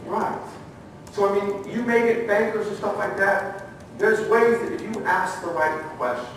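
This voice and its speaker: A middle-aged man giving a training talk at a conference, telling lively stories, acting out the quotes and asking the audience questions. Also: sits high, moderate pace, a little hiss or hum. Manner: animated storyteller, acts out quotes, asks the audience questions. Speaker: conference speaker, former federal agent. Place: conference room. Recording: echoey room, heard from far off.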